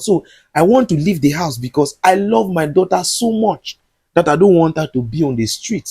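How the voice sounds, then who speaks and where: A man's voice: high voice, dark tone, breathy edge, exaggerated voice. A man reading as a hurt, resolved wife. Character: hurt wife leaving a controlling marriage.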